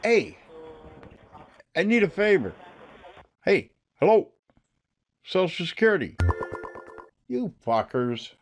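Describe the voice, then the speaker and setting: A man's voice: high-pitched, big pitch swings, slow, pauses often, slight background noise. A man making prank phone calls to scammers, taunting and cursing at them. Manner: taunting, profane, mocking. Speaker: scambaiter prank caller.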